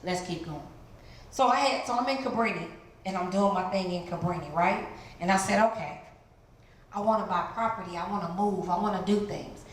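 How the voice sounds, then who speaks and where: A middle-aged woman from the Chicago area giving an animated testimony as a guest speaker in a church, jumping into high voices to act out what people said. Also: fairly quick. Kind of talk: testimony sermon. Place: large church hall. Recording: very echoey church hall, some noise.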